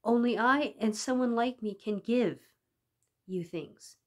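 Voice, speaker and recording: A woman's voice: medium pitch, unhurried, natural voice. A woman reading the part of a manipulative young teacher who talks to children in a sweet, coaxing, persuasive way. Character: smooth-talking manipulative young female teacher.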